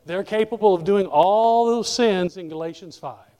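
A male pastor preaching a sermon in a church, animated and speaking directly to members of the congregation by name. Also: high voice, normal speed, big-room sound.

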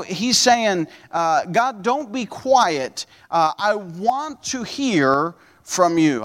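A man's voice: sits high, fairly bright tone, in a large hall. A man preaching a sermon as pastor, earnest and fervent, often repeating and restarting his words.

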